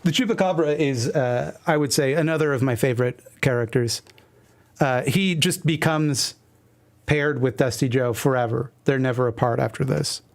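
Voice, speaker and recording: A man's voice: mid-range voice, normal speed. A man hosting a stream, reading his old comic aloud with rambling, self-mocking commentary full of fillers and restarts. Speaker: streamer host.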